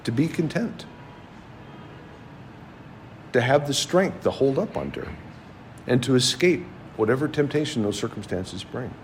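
A man preaches with a lively, swinging delivery, his pitch rising and falling across each phrase. His voice sits at an ordinary middle pitch for a man. He keeps putting questions to his listeners as he teaches. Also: measured pace, pauses often, a little hiss or hum. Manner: asks the audience many rhetorical questions. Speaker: preacher teaching a Bible class. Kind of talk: sermon.

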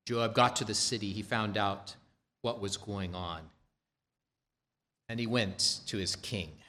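A man preaching a sermon, retelling a scripture story in a measured way and voicing the quoted characters' lines himself. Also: lowish voice, fairly even intonation, sharp tone.

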